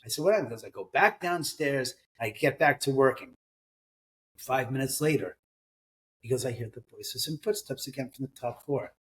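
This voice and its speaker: A man's voice: medium pitch, expressive, moderate pace, fairly bright tone. A middle-aged man, an author, telling ghost stories in a casual interview, acting out quoted voices and swearing now and then. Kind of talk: conversational storytelling in an interview.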